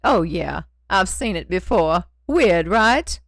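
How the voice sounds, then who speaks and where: Woman doing a gruff tough FBI agent. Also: on the low side, expressive, slow, slight background noise, pitched below the performer's own voice. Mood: wry. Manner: gruff, commanding. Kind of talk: audiobook character reading.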